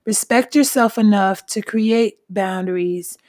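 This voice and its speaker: A woman's voice: mid-range voice, unhurried, a little mellow. A woman hosting her own podcast, talking bluntly and with a lot of swearing in a casual self-help monologue, noticeably short of breath. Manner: blunt, profane, emphatic. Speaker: podcast host.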